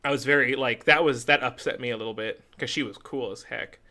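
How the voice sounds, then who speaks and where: Retelling a story on a podcast he co-hosts, the young adult man performs the characters' lines in a casual chat. He has a medium pitch, a sharp tone, and a fairly quick delivery.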